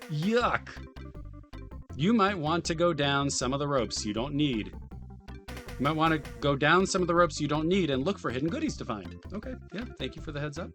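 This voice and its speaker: A man's voice: a little high, fairly bright tone. A man reading a video game manual aloud on a live stream, switching between playful mock-enthusiasm and dry, muttered side comments. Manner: reads in a mock-enthusiastic voice, then drops to dry muttered asides.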